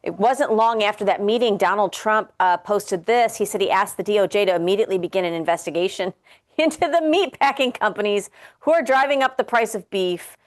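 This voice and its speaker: A woman's voice: medium pitch, fairly quick. A woman co-hosting a political podcast in a casual, chatty way, laughing often and phrasing things loosely. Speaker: podcast co-host.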